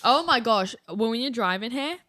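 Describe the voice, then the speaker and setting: A woman's voice: a little high, animated, normal speed, sharp tone. Woman putting on a fake British accent. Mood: playful. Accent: put-on British. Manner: playful, exaggerated fake accent. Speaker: podcast co-host. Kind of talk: casual chat.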